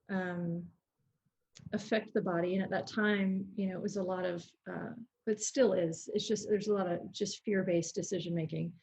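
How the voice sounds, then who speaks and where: A woman's voice: medium pitch, gravelly, darkish tone, a little hiss or hum. A middle-aged woman, a fitness educator, speaking thoughtfully as a podcast guest, with fillers and restarts, on a dull lo-fi recording. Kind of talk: casual interview chat. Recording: dull lo-fi sound.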